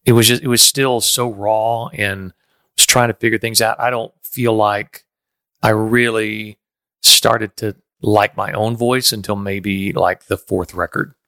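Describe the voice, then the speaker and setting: A man in his fifties with a lowish voice, recorded dry and close. He hosts a podcast and looks back on his past in a reflective, self-deprecating way. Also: fairly even intonation, measured pace, pushed and bright, no room sound. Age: 50s. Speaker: podcast host. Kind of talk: casual conversation.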